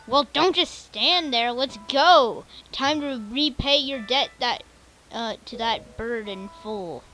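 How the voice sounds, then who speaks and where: A woman's voice: a little high, takes it slowly, sharp tone, faint music behind. A woman voicing a bossy young female pirate captain who talks in a brusque, dismissive way during a game playthrough.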